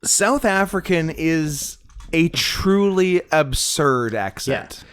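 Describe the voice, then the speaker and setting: A man's voice: a little high, animated, slow, a bit bright, smooth. A man co-hosting a podcast in casual chat, playful and full of absurd jokes, often laughing. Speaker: podcast co-host.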